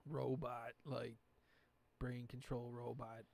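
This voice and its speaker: A man's voice: medium pitch, level tone, takes it slowly, gravelly, a little mellow. A man hosting a podcast in casual chat, rambling and profane, with lots of filler words. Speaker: podcast host.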